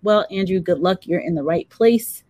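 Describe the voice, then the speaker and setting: A woman's voice: lowish voice, normal speed, darkish tone, no echo. A woman hosting a live career-advice chat, reading out viewer comments and building on her co-host's points. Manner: conversational, adds to co-host's points.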